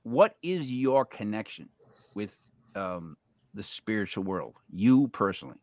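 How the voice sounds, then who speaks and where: Animated, emphatic male podcast host. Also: fairly low pitch, measured pace, no echo. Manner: animated, emphatic, repeats words when making a point. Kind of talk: casual podcast chat.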